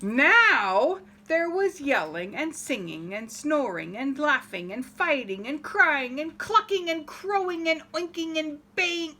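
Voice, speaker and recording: Reading slowly and with few pauses, a woman with a high voice shares a picture book with children. She performs the story in an animated way and invites the kids to answer questions.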